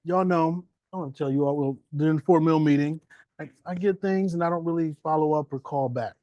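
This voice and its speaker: A meeting host speaking informally and warmly of a colleague, with a relaxed, teasing manner. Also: medium pitch, brisk, no room sound, highs cut off. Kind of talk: casual meeting chat.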